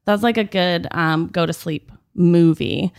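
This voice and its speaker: A woman's voice: on the low side, measured pace, vocal fry, clean tone. An American woman co-hosting a podcast in casual chat, enthusiastic and playful. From United States. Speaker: podcast co-host.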